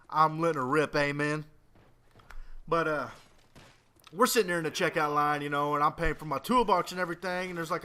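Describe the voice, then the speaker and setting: A man's voice: fairly high pitch, bright, forceful tone. A man in his late twenties telling a rambling, profane, joking story as casual commentary over a video game. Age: 20s. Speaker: gaming commentator.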